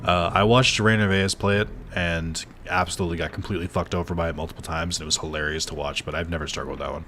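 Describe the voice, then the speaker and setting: A man's voice: deep voice, steady tone, fast, few pauses, bright, forceful tone, a little hiss or hum. A man chatting casually while streaming a game, swearing freely and answering his chat. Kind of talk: casual gameplay commentary.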